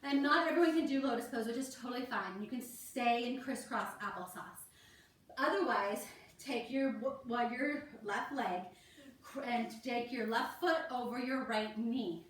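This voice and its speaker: Speaking at a normal pace in a voice on the high side, a woman leads a kids yoga class, encouraging the children and talking them through each pose step by step. She's off the mic in an echoey room, recorded from a distance.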